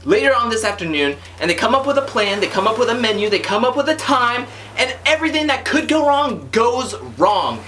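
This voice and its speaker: A woman's voice: fairly high pitch, very animated, fairly quick, few pauses, a bit bright, slight background noise. A woman giving a chatty, gossipy recap of a TV episode, retelling scenes in a casual way and quoting the people in them. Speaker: TV recap host.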